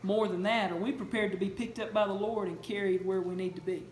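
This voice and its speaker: In an echoey church sanctuary with faint background noise, a male preacher gives a sermon. His voice is high and steady, moving a little fast as he tells stories in an earnest, questioning way.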